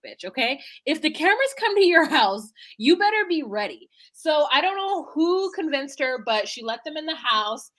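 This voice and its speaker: A young woman co-hosting a podcast, recapping a reality show in animated, blunt casual chat and acting out what people said. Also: high voice, moderate pace, hardly any pauses. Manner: animated, blunt and swearing, acts out quotes. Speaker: podcast co-host.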